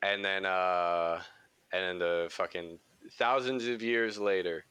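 A man's voice: deep voice, steady tone, slow pace, sharp tone, smooth, no echo. A man co-hosting a podcast in casual chat, rambling and swearing freely, laughing often. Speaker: podcast co-host.

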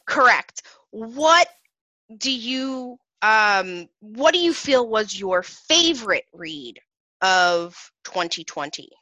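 Bright, lively young woman hosting a book chat. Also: fairly high pitch, slow pace, no echo, low-quality recording. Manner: expressive, leads the questions, self-correcting. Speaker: podcast co-host. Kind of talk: casual chat about books.

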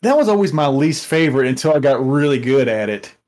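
A man's voice: medium pitch, very animated, a little mellow. A man co-hosting a podcast, telling rambling stories in casual chat with lots of restarts. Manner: rambling, halting storyteller. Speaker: podcast co-host.

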